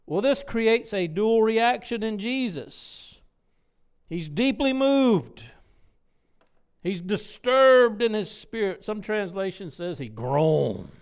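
A man's voice: high voice, lively intonation, slow pace, clean tone. A man preaching a sermon, asking the congregation rhetorical questions and acting out sounds. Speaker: pastor.

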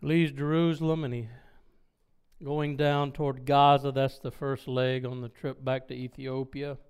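A man's voice: mid-range voice, flat delivery, unhurried, a little mellow, clear, resonant tone. A man preaching, retelling a scripture story with voiced dialogue and chuckling asides. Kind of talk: sermon storytelling.

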